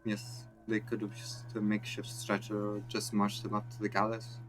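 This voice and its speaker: A man voicing a calm, methodical male police lieutenant in a video game, speaking in a measured, matter-of-fact way. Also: lowish voice, music in the background, close to an everyday voice.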